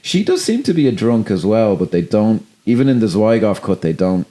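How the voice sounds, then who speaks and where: A man's voice: fairly low pitch, big pitch swings, warm tone. A man co-hosting a film podcast in casual chat, rambling and swearing, and briefly acting out lines from the film. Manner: rambling, profane, acts out movie lines in quick bursts. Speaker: podcast co-host.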